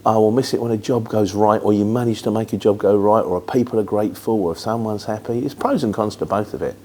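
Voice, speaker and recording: A man's voice: lowish voice, fast talker, mellow. Chatty middle-aged man with London twang. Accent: London-influenced Luton English. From England. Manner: chatty, rambling, matter-of-fact with filler words. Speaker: host answering viewer questions. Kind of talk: casual chat.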